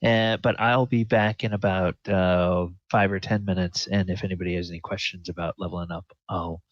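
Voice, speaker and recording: A man narrating a tabletop game as game master, slow and halting with many fillers. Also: low-pitched, steady tone, no room sound. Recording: dull lo-fi audio.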